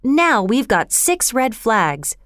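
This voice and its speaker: A woman's voice: fairly high pitch, sing-song, slow, a bit bright, dry recording, studio quality, heavily acted. A woman voicing a brave young boy who gives urgent commands. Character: brave bossy young boy, quick to lead.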